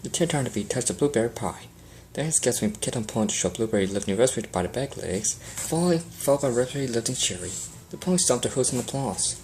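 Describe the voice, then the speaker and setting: A man's voice: medium pitch, animated, fast, a little mellow, a little hiss or hum, poor audio. A man narrating fan fiction in a plain amateur reading style, with small slips.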